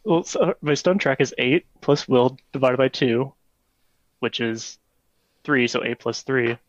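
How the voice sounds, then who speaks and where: A man's voice: mid-range voice, a little slow, dry recording, highs cut off. A man playing a character in a tabletop role-playing game, joking casually and thinking his moves through aloud. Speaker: player. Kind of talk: tabletop role-play chat.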